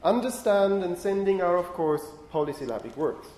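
A man's voice: sits high, expressive, moderate pace, mellow. A man lecturing on phonetics in a lecture hall, punctuating points with "okay?" and scolding talkative students. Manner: frequent "okay?" checks, stern with chatty students. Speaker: university lecturer. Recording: echoey lecture hall, faint room noise.

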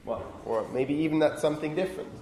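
A male university lecturer explains phonetics, often pausing to check in with "okay?". His voice sits a little high but sounds warm and mellow. The recording carries room echo and a faint hum of ambience. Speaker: linguistics lecturer.

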